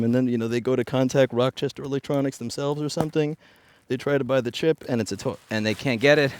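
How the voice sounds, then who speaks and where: A man with a smooth, medium-pitched voice talks fast with fairly even intonation. As a repair activist vlogger, he picks up litter outside and rants bluntly in an unscripted monologue into a headset mic, adding sarcastic asides.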